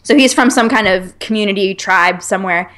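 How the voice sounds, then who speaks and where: Fast-talking woman recapping a trailer. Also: mid-range voice, fairly bright tone. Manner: rambling, filler-heavy storytelling. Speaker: podcast co-host. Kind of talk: casual chat, recapping movie trailers.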